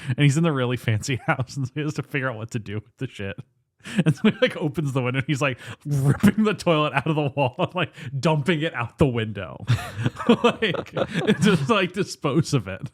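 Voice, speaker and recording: A man's voice: mid-range voice, lively intonation, a little fast. A man co-hosting a podcast, chatting casually about a film and laughing through his sentences. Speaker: podcast co-host. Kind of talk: casual chat.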